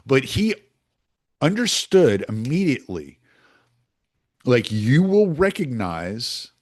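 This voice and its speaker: A man talking through his views in a casual, rambling monologue, often restarting his sentences. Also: medium pitch. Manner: animated, rambling, with frequent restarts.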